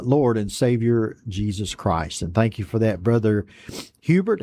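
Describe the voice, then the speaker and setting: A man hosts a Bible study broadcast, reading each viewer's greeting aloud and then answering it in a relaxed, folksy way. His voice is dark and mellow. His pitch sits in a middle range. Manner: folksy and unhurried, reads messages aloud then chats back. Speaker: host of an online Bible study program.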